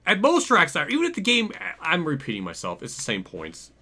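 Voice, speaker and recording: Bright-voiced young man ranting. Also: a little high, huge pitch swings, a little fast. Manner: exasperated, ranting, swears, laughs it off. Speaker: gaming channel host. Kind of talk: casual gameplay commentary rant.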